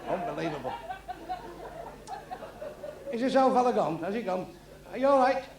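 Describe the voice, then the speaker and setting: A male stand-up comedian, telling crude jokes bluntly and with deadpan timing. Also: high-pitched, normal speed. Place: comedy club with a live audience. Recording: echoey club recording with crowd noise.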